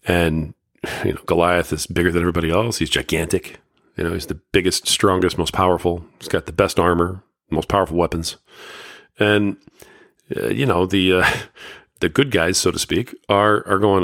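A man with a deep, low voice talks loosely and conversationally, filling pauses with lots of fillers as he retells an old story. The sound is dry and close, with no room echo. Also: steady tone, a bit bright. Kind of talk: casual talk retelling a Bible story.

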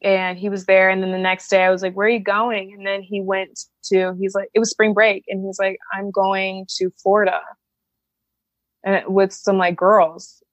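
A woman's voice: medium pitch, little pitch movement, moderate pace, lo-fi sound. A frank woman from the Chicago suburbs recounts a personal story to an interviewer. She swears freely and acts out the people she quotes, her voice sitting in a middle register. The recording is dry, with no room echo. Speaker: interview guest.

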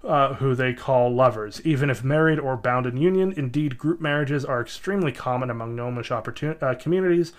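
Giggly man reading aloud. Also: medium pitch. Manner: reads haltingly, stumbles and giggles mid-sentence. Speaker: podcast co-host. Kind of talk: casual comedy chat, reading excerpts aloud.

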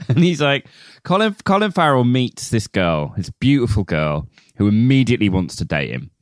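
A man's voice: medium pitch, big pitch swings, normal speed, dry recording, clean studio sound. A young man co-hosting a casual film chat, laughing often and swearing freely. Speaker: podcast co-host.

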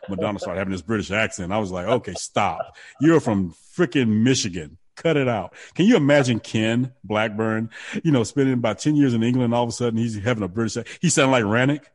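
A man with a low-pitched voice holds forth in relaxed podcast chat. He drifts through tangents, often breaks into laughter and restarts his sentences mid-thought. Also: quick pace.

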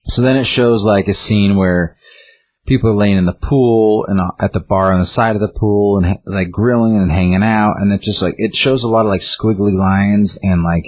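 A man's voice: on the low side, steady tone, moderate pace, a little mellow, no echo. A man casually recapping a story's plot in a rambling way, filled with "like".

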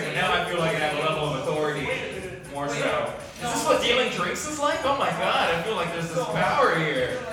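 A man working as a bartender jokes playfully into a microphone, his voice slightly high. He sounds far from the mic in a very echoey bar. Loud music plays behind him. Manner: joking, playful. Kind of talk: casual chat. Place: busy bar.

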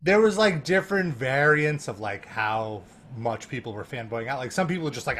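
A man telling a story in a casual chat, animated and laughing, full of fillers and restarts. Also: mid-range voice, moderate pace, hardly any pauses, a little hiss or hum. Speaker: guest.

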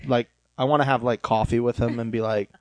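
A man's voice: medium pitch, steady tone, brisk, darkish tone, no room sound, poor audio. A man co-hosting a casual podcast, chatty and gossipy, often acting out what others say. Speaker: podcast co-host. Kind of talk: casual chat about reality TV.

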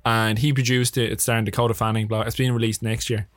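A young Irish man, a filmmaker guest in a casual interview, telling stories in an animated way with lots of swearing and laughter. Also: mid-range voice, quick pace, no room sound.

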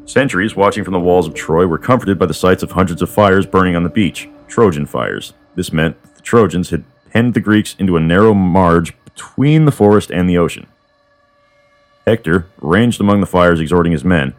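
A man's voice: low-pitched, moderate pace. A man retelling a myth in a loose, casual style with irreverent asides. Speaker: storyteller.

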